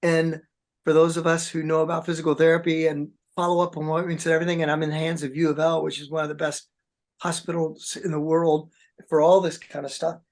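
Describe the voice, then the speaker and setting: A man's voice: on the high side, flat delivery, a little fast. A man, a rock drummer, telling long rambling stories in a casual interview chat. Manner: rambling, chatty storyteller, says man and dude a lot.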